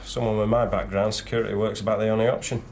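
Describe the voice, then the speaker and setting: An actor playing a terse low ex-soldier. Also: male voice, level tone, racing, darkish tone, a little hiss or hum, natural voice. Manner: terse, clipped. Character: gruff ex-soldier bouncer, terse.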